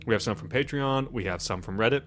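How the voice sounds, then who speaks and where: A man's voice: mid-range voice, fast talker, fairly bright tone, faint music behind. A man hosting a casual group chat show, talking loosely and laughing often. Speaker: podcast host.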